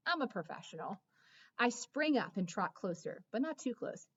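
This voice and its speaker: A woman narrating a children's story in the first person, expressive, with dramatic hushes and excited rises. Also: medium pitch, normal speed, muffled recording, slight background noise. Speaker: audiobook narrator.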